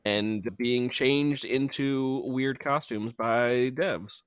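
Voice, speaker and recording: A man's voice: mid-range voice, extremely slow, smooth, no room sound. A man chatting casually while streaming an online game, joking around and explaining how the game works. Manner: playful, jokey, explains game mechanics. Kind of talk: casual gaming chat.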